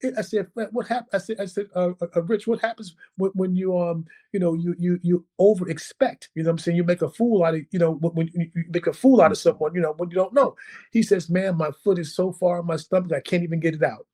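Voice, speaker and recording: A man with a slightly raised pitch tells a story in a casual, lively way. He acts out what others said and keeps checking in with the listener with "right?" and "okay?". He is a guest on a podcast. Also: fast talker.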